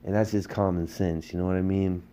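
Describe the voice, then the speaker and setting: A man with a low, dark-toned voice hosts a political podcast. He rants in a heated, emphatic way and leans on rhetorical questions to drive his points home. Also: steady tone, brisk, smooth. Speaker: podcast host.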